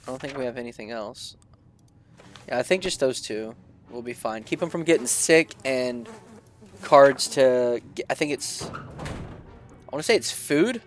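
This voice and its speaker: A man's voice: medium pitch, normal speed, long pauses, faint music behind. A man commenting casually while he plays a game, muttering his choices and reading the event text aloud. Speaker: gameplay video creator.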